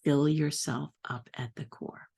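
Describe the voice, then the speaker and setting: A woman's voice: sits low, steady tone, unhurried, vocal fry, warm tone, slightly rough. A middle-aged woman astrology coach talking casually to her audience, acting out her own self-talk.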